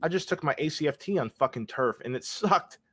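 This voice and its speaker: A man co-hosting a sports podcast, blunt and excitable, swearing freely. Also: a little high, a little fast, slightly rough, no room sound. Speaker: podcast co-host. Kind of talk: casual sports chat.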